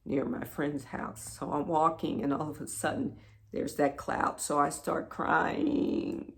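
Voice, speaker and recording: A woman speaking at an unhurried, drawn-out pace with a gravelly fry in her voice. She tells a personal story as a spiritual teacher. She often repeats words and sinks into hushed whispers. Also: deep voice, a little hiss or hum. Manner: halting, repeats words, drops into soft whispers.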